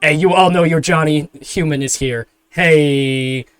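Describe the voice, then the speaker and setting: A smug, tentacle-faced showoff struts in and announces himself loudly, all swagger, as a man puts him on. The delivery is brash and self-satisfied. The voice is dry and close. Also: fairly high pitch, unhurried, clear, resonant tone, no echo, faint music behind, natural voice. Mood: cocky. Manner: swaggering, boastful.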